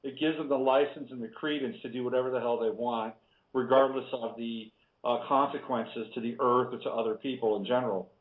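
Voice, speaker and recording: A man's voice: mid-range voice, steady tone, brisk. A man hosting a radio interview, agreeing readily and adding his own views, heard over a tinny phone line. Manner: agreeable, with frequent affirmations. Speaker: radio host.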